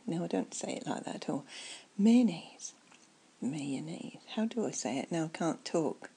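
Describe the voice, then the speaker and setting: A woman doing a whispered ASMR chat, soft and rambling as she muses aloud. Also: deep voice, animated, fairly quick, husky, low-quality recording.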